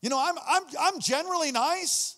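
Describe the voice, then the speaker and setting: A man preaching a sermon as pastor, animated, swinging between low murmurs and shouts. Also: normal speed. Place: church hall. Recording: long hall reverb.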